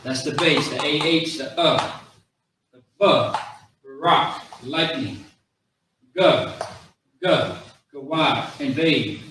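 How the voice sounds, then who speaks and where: Man, language teacher, slow deliberate drilling, somewhat high voice, very echoey room, distant from the mic. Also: a bit bright, slight background noise. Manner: slow, repetitive drilling of words with casual asides. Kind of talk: classroom lesson.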